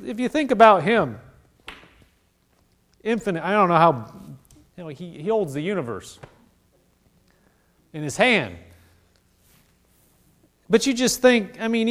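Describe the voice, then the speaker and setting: Animated high-voiced male pastor preaching. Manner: animated preaching, acts out voices of God and people. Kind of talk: sermon.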